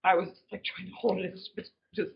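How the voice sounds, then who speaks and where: A woman's voice: fairly low pitch, flat delivery, a little fast, gravelly, roomy sound, highs cut off. A woman taking part in a group session, chatting casually, a bit flustered. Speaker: participant. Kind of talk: casual chat.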